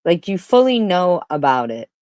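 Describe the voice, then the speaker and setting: A woman's voice: on the low side, very animated, normal speed, darkish tone, no room sound. A woman giving blunt, sarcastic commentary on a live stream, swearing often.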